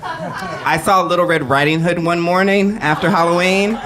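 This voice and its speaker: A man telling a comic story on a cabaret stage to a live audience, animated and profane, acting out the voices of the people in it. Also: high-pitched, moderate pace, crowd noise.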